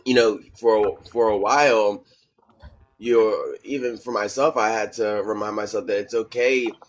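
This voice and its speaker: Lowish male panelist, earnest, halting delivery. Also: fairly even intonation. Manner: halting, many fillers and restarts, earnest. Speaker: podcast panelist. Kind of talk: casual panel chat.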